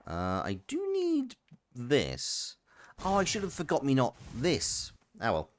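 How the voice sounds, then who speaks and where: A man livestreams a game, chatting in a rambling way and reading chat messages aloud between plays as casual commentary. His mid-range voice swoops wildly in pitch, and he takes it slowly, with slight background noise.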